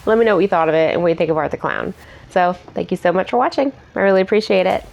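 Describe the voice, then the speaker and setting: A woman's voice: fairly low pitch, rapid-fire, creaky, a little mellow. A woman giving a casual, chatty movie review, self-mocking and laughing at her own jokes.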